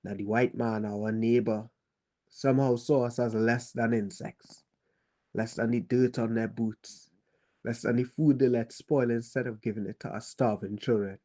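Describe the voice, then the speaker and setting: A man with a Trinidadian accent playing a weary male survivor who tells a child about the war in a grave, halting monologue. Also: medium pitch, fairly even intonation, warm tone, close to an everyday voice. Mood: somber. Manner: halting, grave, pauses and restarts. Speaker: storyteller. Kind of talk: dramatic monologue.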